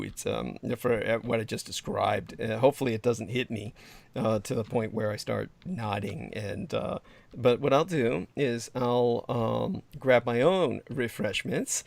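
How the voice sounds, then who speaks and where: A man's voice: mid-range voice, a little slow, vocal fry, dry recording. A sleep-deprived man hosting a casual livestream chat, rambling with lots of fillers and restarts. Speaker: livestream host.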